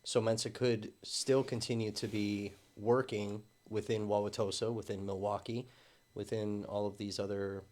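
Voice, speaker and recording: A man's voice: lowish voice, level tone, normal speed, darkish tone. A man speaking as an interview guest, conversational and a little hesitant, agreeing often. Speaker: journalist guest. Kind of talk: casual interview talk.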